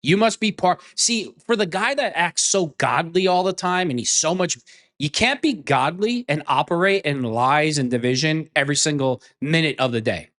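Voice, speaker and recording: A man's voice: fairly high pitch, expressive, moderate pace, fairly bright tone. A man giving a heated opinion rant as an online commentator, blunt and profane, repeating phrases for emphasis.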